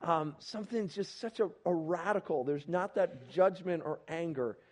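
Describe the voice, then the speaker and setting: A young man preaching on a Bible passage in a casual, animated way, acting out the people in the story. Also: fairly high pitch, moderate pace. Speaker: pastor.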